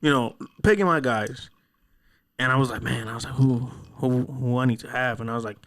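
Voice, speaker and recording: A young man hosting a laid-back podcast, telling rambling stories in a mid-range voice. He swears freely and slips into quick impressions of the people he quotes. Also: medium pitch, fairly bright tone. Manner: rambling storyteller, heavy cursing, acts out voices in quotes. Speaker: podcast host. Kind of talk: casual podcast chat.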